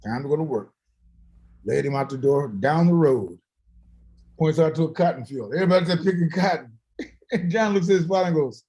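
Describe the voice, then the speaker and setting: A man's voice: on the high side, fairly quick, long pauses, rough recording. A man who is a guest musician, telling stories in a casual chat, acting out the voices of the people he quotes and laughing often. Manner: animated, laughing storyteller who acts out quotes.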